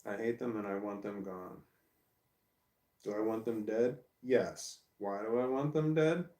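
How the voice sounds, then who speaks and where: Recorded distantly in an echoey room, this middle-aged male vlogger rants profanely and bluntly in a personal video, going over the same points again. His voice is on the low side, dark in tone, and a little slow.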